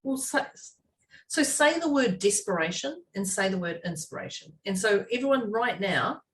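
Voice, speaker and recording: A woman co-hosting a relaxed podcast chat, lively and expressive, slipping into quoted voices and laughing easily. She sits a little way back from the microphone, so her voice sounds slightly distant. Her pitch is middling for a woman. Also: moderate pace, slight background noise. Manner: animated, acts out quoted voices, laughs often. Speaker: podcast co-host. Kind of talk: casual chat.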